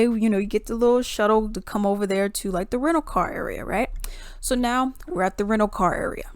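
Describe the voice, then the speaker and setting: A woman vlogger telling a story in a casual, animated, exclamatory way. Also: medium pitch, no echo, studio quality.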